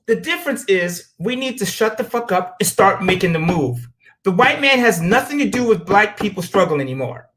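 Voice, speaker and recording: A middle-aged man on a podcast, talking in a blunt, profane and preachy way and telling stories with a lot of life. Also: high-pitched. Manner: animated storyteller. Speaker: podcast guest. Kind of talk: casual podcast talk.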